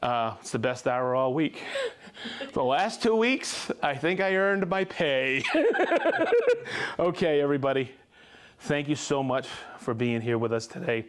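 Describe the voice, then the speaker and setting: A man hosting a live tool show in casual chat, upbeat and laughing often as he reads out viewer shout-outs. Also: mid-range voice, animated, normal speed, clean tone.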